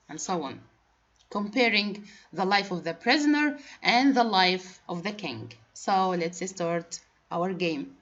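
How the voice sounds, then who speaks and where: Slow patient woman teaching grammar. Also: mid-range voice, a bit bright. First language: Arabic. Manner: slow, patient, spelling out letters and rules. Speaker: English teacher. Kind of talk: classroom grammar lesson. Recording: dull lo-fi recording.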